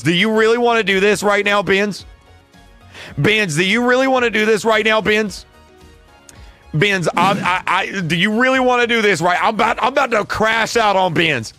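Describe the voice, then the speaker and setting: A man's voice: high voice, sharp tone, dry recording. A young man streaming a game, launching into a mock rant and roasting someone in chat. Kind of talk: gaming livestream chat.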